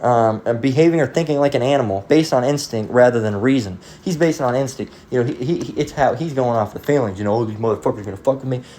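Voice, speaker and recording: A man's voice: medium pitch, fast, hardly any pauses, warm tone, a little hiss or hum. A man giving a casual, profane sermon-style monologue, rambling through stories and acting out the voices of people in them. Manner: acts out voices in quoted dialogue. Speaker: preacher.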